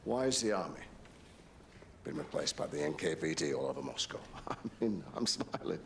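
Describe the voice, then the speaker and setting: An actor playing a gruff, crude middle-aged army war hero, with a thick Northern English accent, in a film. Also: male voice, extremely low pitch, expressive, normal speed, a bit bright, slight background noise, heavily acted. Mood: brash. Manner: brash, crude, cheerfully menacing. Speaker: film character.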